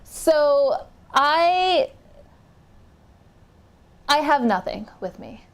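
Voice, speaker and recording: A young woman chats straight to camera, telling a long story in a casual vlog. She talks in an animated, unfiltered way, cursing and laughing often. Her voice sits a little high for a woman. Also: extremely slow. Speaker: vlogger.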